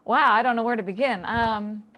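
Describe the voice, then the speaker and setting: A middle-aged woman, a tai chi instructor, telling her story as a guest in a relaxed, reflective way with light laughs, calling in from a home basement. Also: on the high side, a little fast, highs cut off. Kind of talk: remote interview, personal story.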